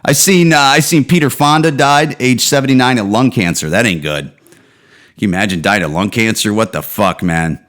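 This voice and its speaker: A man's voice: moderate pace, fairly bright tone. Profane rambling podcast man. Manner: profane, rambling, trails off with low "dude" and "man". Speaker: podcast host. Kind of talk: casual solo rant.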